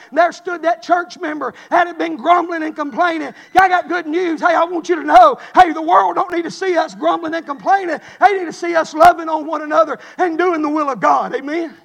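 High gravelly preacher. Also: male voice. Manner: rhythmic preaching, swells to shouts then drops low. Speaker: pastor. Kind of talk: sermon.

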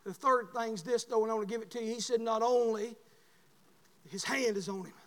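A man preaching a sermon as pastor, telling folksy stories and building to shouted calls. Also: very high-pitched, steady tone, fairly quick. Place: church sanctuary. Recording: long hall reverb.

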